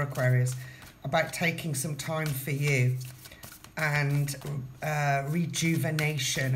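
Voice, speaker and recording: There's background noise as a low-pitched woman does a relaxed tarot reading. She's chatty, addresses the viewer directly, and tends to say her phrases more than once.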